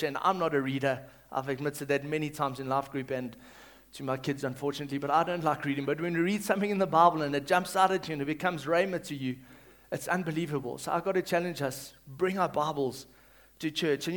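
A male pastor reading scripture and preaching, swinging between loud calls and hushed reading and leading the congregation to repeat after him. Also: fairly high pitch. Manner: leads the congregation in call-and-response.

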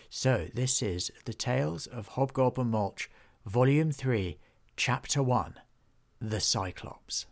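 Gravelly male storybook narrator. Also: medium pitch, darkish tone. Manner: measured, storytelling cadence. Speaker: author and narrator.

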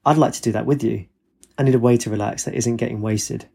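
A man's voice: medium pitch, steady tone, fast, vocal fry, darkish tone, husky. A man voicing a chatty, eager young female student. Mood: earnest. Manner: chatty, eager, sarcastic at times. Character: lively young woman student, party girl.

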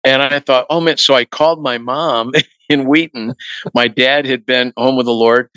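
A middle-aged male musician telling anecdotes in a relaxed interview, acting out what others said to him. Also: medium pitch, normal speed, clean tone, no room sound, poor audio. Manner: relaxed anecdotal, acts out quoted voices. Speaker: guest musician. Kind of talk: storytelling interview talk.

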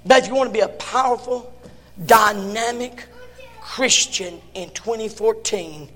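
A man with a strikingly high, piercing voice preaches with fire, his words ringing out in the long echo of a big church hall. He swings from shouting to near-hushed delivery. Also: unhurried. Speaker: pastor. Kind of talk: sermon.

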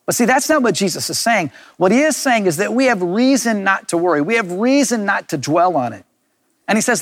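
A man's voice: high-pitched, big pitch swings, a little fast, fairly bright tone, dry recording. A middle-aged man giving an earnest, reflective sermon as a pastor, repeating key words for emphasis. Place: recorded for online viewers.

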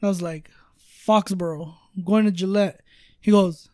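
A man's voice: sits high, steady tone, normal speed, mellow, no room sound, clean studio sound. A man telling a travel story in casual podcast chat, rambling with lots of fillers and swearing. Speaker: storyteller guest.

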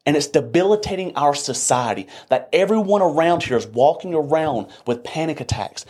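Male co-host, young adult, husky tone, preachy and blunt, fiery rant delivery. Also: a little high, lively intonation, normal speed, hardly any pauses, darkish tone. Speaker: podcast co-host. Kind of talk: heated motivational rant.

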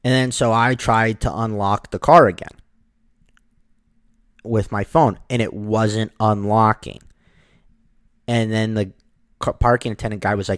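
A man casually telling a personal story, lively, acting out the people in it. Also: on the low side, measured pace, long pauses, dry recording. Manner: animated, acts out the people in his story.

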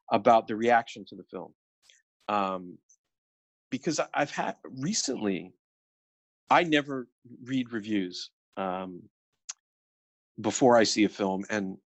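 A middle-aged man co-hosting a film podcast, talking in a casual, animated way with many restarts and quoted asides. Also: on the low side, no room sound. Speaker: podcast co-host.

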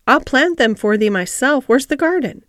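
A woman's voice: high-pitched, animated, normal speed, fairly bright tone, no echo, clean studio sound, pitched above the performer's own voice. A woman voicing a cheerful country boy, talking in an easy, broad dialect. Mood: earnest. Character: cheerful country boy who talks to animals.

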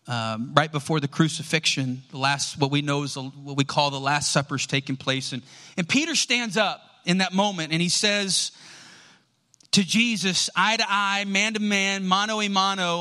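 Male preacher, high bright voice, animated storyteller who acts out dialogue. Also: moderate pace. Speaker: pastor. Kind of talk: sermon.

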